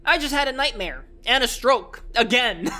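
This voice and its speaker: A young man commenting on a horror game, joking and shouting at the scares. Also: very high voice, expressive, normal speed. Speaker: gaming commentator.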